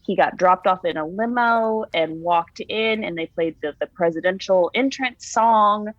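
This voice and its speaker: A woman's voice: medium pitch, unhurried, dry recording, muffled recording. A woman being interviewed, candidly recounting her own story in a casual, conversational way with restarts and fillers.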